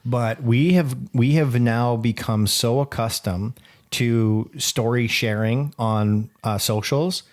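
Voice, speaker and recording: A man's voice: mid-range voice, slow pace. A man in his thirties co-hosting a casual podcast, talking emphatically and repeating his points. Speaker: podcast co-host. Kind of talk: casual chat.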